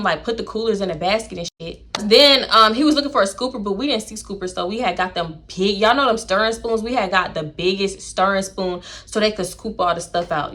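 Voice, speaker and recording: A woman talks through a casual storytime, her tone bright and a little sharp. She is slangy and profane. Her voice sits at a middling pitch, and she slips into the voices of the people she quotes. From Houston, Texas. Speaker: storytime YouTuber.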